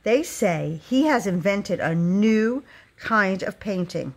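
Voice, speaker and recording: A woman voicing an eager, fussy male art dealer who talks in a hurried, raised voice, in a storybook reading. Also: mid-range voice, expressive.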